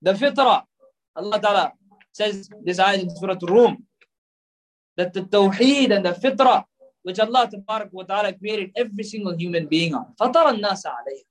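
Emphatic high-voiced male preacher. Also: fairly quick, poor audio. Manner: emphatic, rhetorical questions, mixes in Urdu and Arabic phrases. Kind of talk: sermon.

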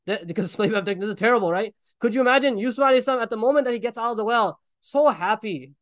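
Fast-talking animated male preacher. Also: high voice, no room sound. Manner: animated, acts out voices, laughs often. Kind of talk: sermon storytelling.

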